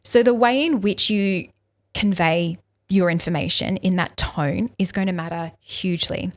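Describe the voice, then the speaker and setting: An Australian woman with a fairly low voice, guesting on a podcast as a speaking coach. She explains her points in a lively way and acts out little examples in different tones. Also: measured pace. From Western Australia. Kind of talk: podcast interview, explaining tips.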